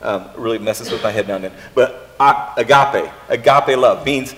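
A pastor preaching a casual sermon, often pausing and repeating words as he thinks aloud. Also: mid-range voice. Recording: long reverb in a hall.

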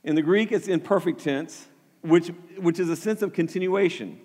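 A man's voice: on the high side, moderate pace, a little mellow, long reverb tail. A man preaching a sermon with earnest energy, often repeating words as he starts a thought and building to emphatic peaks. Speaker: pastor.

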